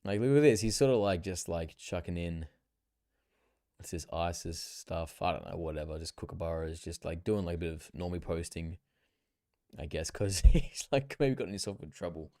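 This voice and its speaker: Low-voiced profane streamer. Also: male voice, normal speed, no echo, studio quality. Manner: loose, profane, slangy chatter with bursts of excitement. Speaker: livestreamer. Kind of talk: casual live-stream reaction commentary.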